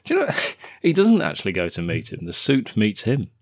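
A man with a lowish voice that swings widely in pitch as he riffs through a film review podcast. He laughs often and tells scenes with animated energy. The close mic keeps the sound dry and intimate. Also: fairly quick, dry recording. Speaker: podcast co-host. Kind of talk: casual film review chat.

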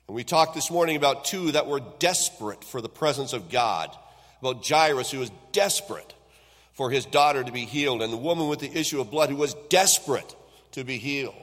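A man preaching a Sunday sermon at a middle pitch. He pushes up loud on key phrases and lets the ends of his lines fall off quietly. His voice carries a long reverb tail through the church sanctuary. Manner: swings between loud emphatic build-ups and quiet trailing endings. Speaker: pastor.

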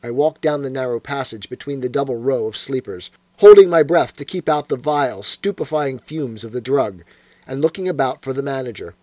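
A man reading a classic detective story aloud in a measured, expressive storytelling manner. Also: mid-range voice, no echo. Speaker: audiobook narrator. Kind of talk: scripted narration.

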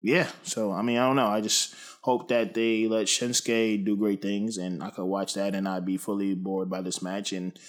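A young man talking casually about wrestling, rambling with lots of ums and flaring up into loud rants. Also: lowish voice, flat delivery, normal speed, hardly any pauses. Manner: rambling, many ums, gets heated and loud when ranting. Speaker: wrestling commentary podcaster. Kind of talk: casual opinion monologue.

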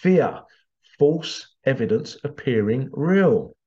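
A man's voice: mid-range voice, animated, slow, a little mellow, lo-fi sound. A man hosting a podcast, talking in a loose, rambling monologue with frequent restarts and laughs. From Britain. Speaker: podcast host. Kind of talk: casual monologue.

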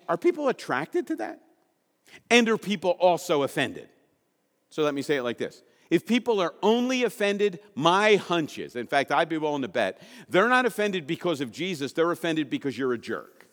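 A man's voice: on the high side, a bit bright, in a large hall. A man preaching a sermon to his congregation, asking rhetorical questions and repeating key lines for emphasis. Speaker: pastor.

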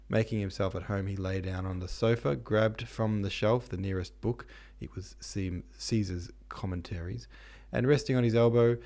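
A man's voice: low-pitched, a little mellow. A man narrating a classic novel in casual, profane modern slang, irreverent in manner.

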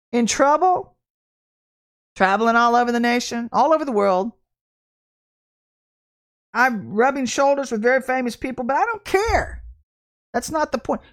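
A woman giving an impassioned spoken testimony to camera as an online prophetic minister, emphatic and animated, acting out the voices she quotes. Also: fairly high pitch. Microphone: camera mic, speaking to camera.

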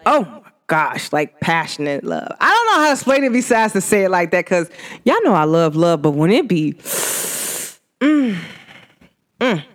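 A spiritual energy reader who talks casually and directly to listeners, humming "mm" between thoughts and swooping up high when laughing. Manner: chatty and animated, addresses listeners directly; hums and drawn-out "mm" sounds between thoughts. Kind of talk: casual spoken energy reading to viewers.

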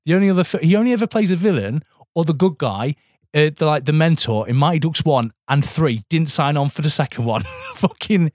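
A young man co-hosting a casual film podcast, animated and sweary, laughing often. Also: fairly high pitch, fairly quick, dry recording, studio quality. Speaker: podcast co-host.

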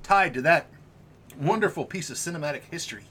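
A man co-hosting a casual podcast, cracking sarcastic deadpan jokes, a little tipsy. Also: a little high, fairly quick, a little hiss or hum. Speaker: podcast co-host. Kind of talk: casual chat.

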